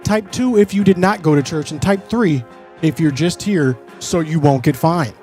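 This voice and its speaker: A man's voice: a little high, moderate pace, darkish tone, soft background music. A man streaming live play-by-play commentary, mixing broadcaster-style calls with casual asides to his chat.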